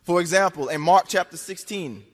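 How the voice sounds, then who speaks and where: A man with a high-sitting voice and a moderate pace lectures an audience argumentatively. Insistent and repetitive, he keeps posing rhetorical questions, and the recording has long hall reverb.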